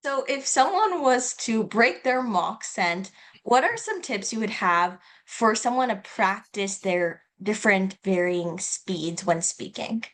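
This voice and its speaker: Female host, mid-range voice, steady conversational questions. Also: mid-range voice, slow. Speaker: interviewer, host. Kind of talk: casual interview questions.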